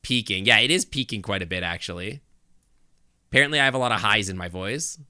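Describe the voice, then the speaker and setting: A man's voice: lowish voice, lively intonation, fast talker, bright, forceful tone, no echo. A male game streamer chatting casually with his viewers on a close desk microphone, thinking aloud with lots of restarts and asides.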